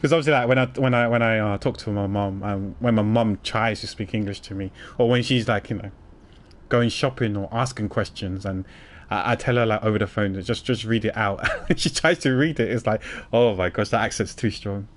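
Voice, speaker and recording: A man's voice: on the low side, brisk. A man streaming a video game, chatting casually, rambling and laughing often. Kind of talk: casual chat.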